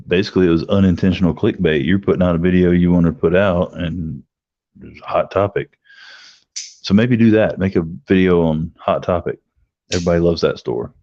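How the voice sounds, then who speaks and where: A man's voice: moderate pace, pauses often, no room sound. A middle-aged man telling a long, profane story casually, acting out the quoted lines. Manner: rambling, profane, acts out quotes with raised pitch. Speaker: livestream host telling a story. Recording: dry, slightly dull lo-fi sound.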